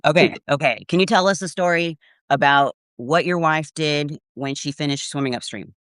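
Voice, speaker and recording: A man's voice: fairly high pitch, normal speed, a bit bright, dry recording, clean studio sound. A man co-hosting a casual book chat on a video call, upbeat, relaying viewer questions. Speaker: co-host.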